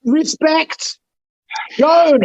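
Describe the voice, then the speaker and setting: A man's voice: very high voice, drawn-out words, no room sound, muffled recording. A man hosting a casual hot sauce tasting chat, swearing and groaning from the heat. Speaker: host.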